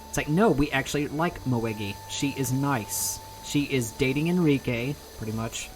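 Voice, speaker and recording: A man's voice: mid-range voice, unhurried, noisy background. A man streaming a video game, chatting casually in a rambling, self-mocking way and laughing often. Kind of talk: casual chat while gaming.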